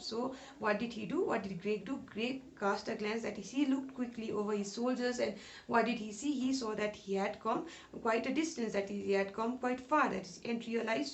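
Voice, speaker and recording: Higher-voiced woman teacher, echoey room. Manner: rephrases each sentence and asks questions aloud, many "uh" fillers. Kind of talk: explaining a story line by line to schoolchildren. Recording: echoey room with faint noise.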